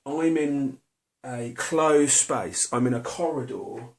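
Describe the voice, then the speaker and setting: A man's voice: medium pitch, slow pace. A middle-aged man tells a personal story to camera, hesitant and confessional, full of fillers and restarts. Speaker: vlogger.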